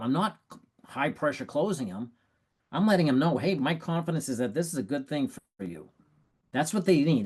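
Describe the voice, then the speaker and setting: A man giving sales coaching tips in a lively, animated way, acting out prospects' lines and laughing at his own stories. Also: a little high. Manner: animated, acts out prospects and quotes. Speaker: sales trainer. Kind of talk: coaching talk.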